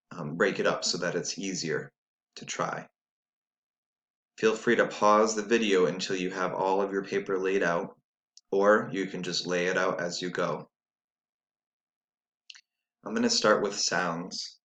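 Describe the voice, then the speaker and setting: A man's voice: deep voice, a bit bright. A man teaching a spelling lesson, dictating sounds and words patiently and spelling letters out one by one. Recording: echoey room.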